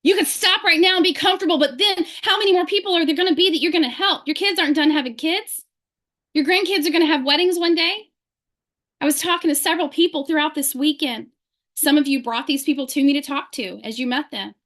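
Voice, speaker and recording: Her voice is high and somewhat bright as she leads her sales team on a video call, driving home an impassioned motivational message through rapid rhetorical questions.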